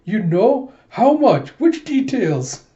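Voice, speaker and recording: A man voicing a fiery young female cyborg warrior in excitable, flustered bursts. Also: on the high side, normal speed, close to an everyday voice. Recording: dull lo-fi recording.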